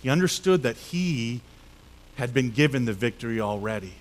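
A male pastor preaching a sermon, telling a Bible story in a lively way and acting out the characters' voices. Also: mid-range voice, moderate pace. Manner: animated storytelling with acted-out voices.

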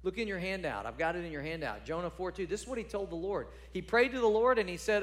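A man's voice: a little high, animated, brisk, fairly bright tone, in a large hall. A man preaching a sermon as a pastor, conversational and emphatic, repeating phrases for stress.

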